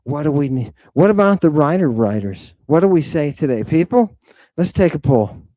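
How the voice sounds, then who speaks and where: A man hosting a dramatic lecture, swinging from hushed asides to ranting, and swearing freely. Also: a little high, sing-song, normal speed, no room sound. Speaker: host lecturing on ancient texts. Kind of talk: dramatic lecture to an online audience.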